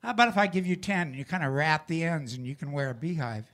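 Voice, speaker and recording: A man voicing his gruff, cussing dairy-farmer father, who talks bluntly and fast. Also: on the high side, heavy background noise, close to an everyday voice. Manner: blunt, quick and grumbling.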